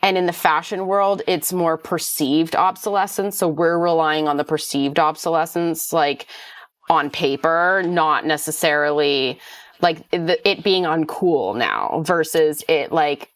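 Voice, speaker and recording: A woman's voice: deep voice, measured pace. A woman who runs a small clothing business, a podcast guest talking in a heartfelt, rambling way with many "like" fillers. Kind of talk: casual conversational podcast chat.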